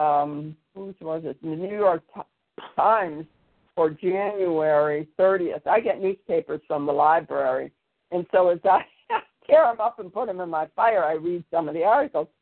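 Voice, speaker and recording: Guy hosting a chat show, rambles a lot, kinda high voice, tinny phone sound, dry. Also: creaky, dry recording. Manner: meandering, with frequent fillers. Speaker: podcast host. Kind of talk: casual chat, rambling storytelling.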